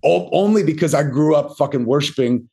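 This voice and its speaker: A man's voice: fairly high pitch, fairly quick, creaky, warm tone. A middle-aged man talking as a podcast guest, telling rambling, profane, self-deprecating stories in a casual interview, full of fillers. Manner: profane, rambling anecdotal delivery with many fillers.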